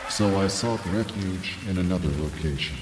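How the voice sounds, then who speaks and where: A man playing a pompous old-time radio drama narrator, with grave, drawn-out delivery in the style of 1940s radio acting. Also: deep voice, lightly acted. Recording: roomy reverb with music bed.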